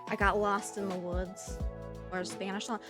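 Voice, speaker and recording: A woman's voice: medium pitch, little pitch movement, normal speed, over music. A woman streamer with a Southern US accent, chatting casually with viewers and laughing often. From US Midwest and South.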